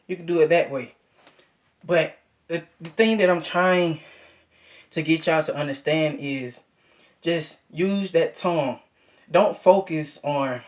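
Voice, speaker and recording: Young male music teacher, slightly high voice, casual coaching delivery. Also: normal speed. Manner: coaching, repeats key points, counts beats aloud. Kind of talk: casual trumpet lesson.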